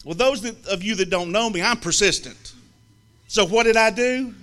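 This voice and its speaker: A man from the American South, telling a humorous story to an audience in a lively, teasing way with comic pauses. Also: high-pitched. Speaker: speaker telling a story about a friend.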